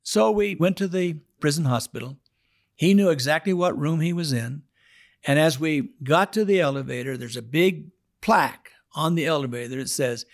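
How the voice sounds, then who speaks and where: A man telling his testimony on a podcast, swinging from hushed prayer to loud, dramatic outbursts. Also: fairly high pitch, normal speed. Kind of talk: storytelling testimony.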